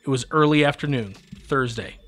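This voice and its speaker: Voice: medium pitch, moderate pace, faint music behind. A podcast co-host in casual studio banter, blunt and opinionated, teasing their partner.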